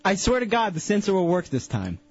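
A slightly high, husky-voiced man teases his co-host with easy amusement on a radio show. His pitch rises and falls a lot as he needles. The broadcast sound is dull and lo-fi. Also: wildly swooping pitch, fairly quick, no echo, soft background music. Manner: teasing, amused, unapologetic. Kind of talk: casual radio banter.

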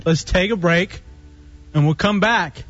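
A man's voice: high-pitched, unhurried, fairly bright tone, no echo. A male radio host bantering, playful and mock-stern as he teases a colleague. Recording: dull radio broadcast with faint music.

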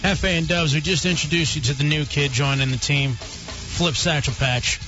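A man's voice: a little high, fairly even intonation, normal speed. A man hosting a live radio talk show, teasing his co-host in a mock-arrogant, boastful way. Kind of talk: casual radio banter. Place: radio studio. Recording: dull lo-fi radio broadcast with faint music.

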